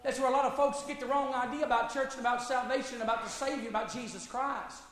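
A man, a pastor preaching an emphatic sermon with folksy asides and bursts of shouting. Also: very high voice, steady tone, fast. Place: church sanctuary. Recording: echoey hall.

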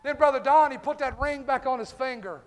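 In an echoey church sanctuary, a male pastor with an extremely high voice preaches a fervent revival-style sermon at a fairly quick pace, calling out members of the congregation by name.

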